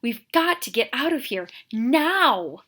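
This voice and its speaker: A woman's voice: high-pitched, very animated, takes it slowly, pushed and bright, pitched above the performer's own voice, full character voice. A woman voicing a frantic young female schoolteacher, pleading in an urgent, breathless voice.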